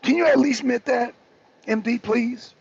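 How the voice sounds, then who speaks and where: A man hosting a political talk show, excitable and argumentative, pressing his co-host with repeated questions. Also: extremely high pitch, normal speed, creaky, breathy edge. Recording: dull lo-fi recording.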